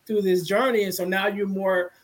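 A man hosting a casual podcast interview, speaking in a measured, affirming way. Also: sits high, flat delivery. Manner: measured, affirming, says "you know" often. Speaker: podcast host.

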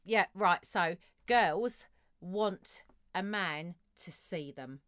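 A woman's voice: lowish voice, very slow, a bit bright, clear, resonant tone, dry recording, studio quality. A middle-aged woman, co-hosting a casual chat, blunt and emphatic, swearing freely.

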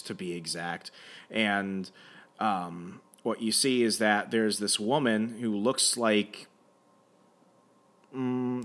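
A man's voice: mid-range voice, a bit bright. A man podcaster casually recapping a comic, rambling and jokey, humming filler.

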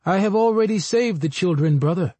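A man voicing a sly, calm male spider trickster who speaks in a knowing way. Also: high-pitched, brisk, dry recording.

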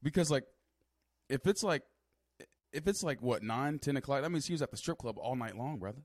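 A man's voice: medium pitch, expressive, fairly quick, a little mellow, dry recording, studio quality. A young man giving casual reaction commentary on a news clip, talking in loose slang with lots of asides. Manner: loose slang-heavy talk, frequent laughs and asides. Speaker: streamer reacting to news clips.

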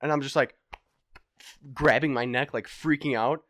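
A young man on a podcast spins a wild tale, swearing freely and jumping up loud when he acts out what people said. His voice sits at an ordinary middle pitch. The sound is dry and close. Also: steady tone, moderate pace, no echo. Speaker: podcast guest. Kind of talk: casual storytelling chat.

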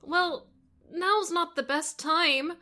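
A woman's voice: very high voice, takes it slowly, bright, forceful tone. A woman playing in a tabletop game, brash and bossy in character. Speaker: player. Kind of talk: tabletop role-play chat.

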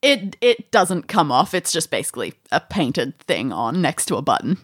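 A woman's voice: low voice, sing-song, moderate pace, breathy edge, no echo, studio quality. A woman acting as game master, describing scenes in an escape-room game with light amusement.

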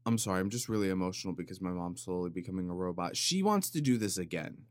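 Low-voiced man rambling on his podcast. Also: fast, dry recording. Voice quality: vocal fry. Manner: rambling, deadpan absurd humor with sudden loud bursts. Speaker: podcast host. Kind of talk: comedic solo podcast monologue. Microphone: studio microphone.

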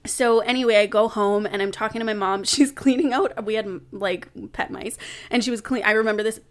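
A young adult woman, a podcast guest, telling a personal story in casual chat, animated, laughing and swearing now and then. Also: mid-range voice, fairly quick.

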